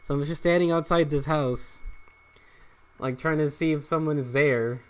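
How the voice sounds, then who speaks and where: A man's voice: on the high side, moderate pace, clear, resonant tone. Young male gaming host, casual rambling storyteller, swears a lot, fillers and restarts. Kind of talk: casual storytelling over gameplay.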